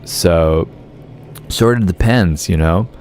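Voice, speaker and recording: A man's voice: low-pitched, slow, a little mellow, slight background noise. A man with an Australian accent chatting casually with his live-stream audience while gaming, rambling with lots of filler words. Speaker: game streamer.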